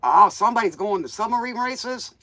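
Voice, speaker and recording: On her show, a tarot reader and DJ host reads cards for viewers in a casual live chat, folksy and rambling. Her smoky voice is a little high, bright, and forceful, with lively intonation and a slightly fast pace.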